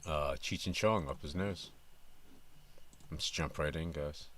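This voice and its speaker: A man with an extremely deep voice hosts a reaction stream and chats casually. He talks in a relaxed, halting way, filling pauses with ums and uhs. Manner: relaxed, halting, many fillers. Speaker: reaction channel host.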